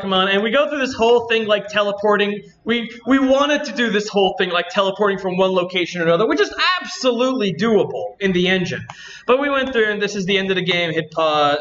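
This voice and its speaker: A man's voice: sits high, fairly bright tone, dull audio. A man hosting a convention panel, chatting to the audience and thinking aloud as he works. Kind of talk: live demo to an audience.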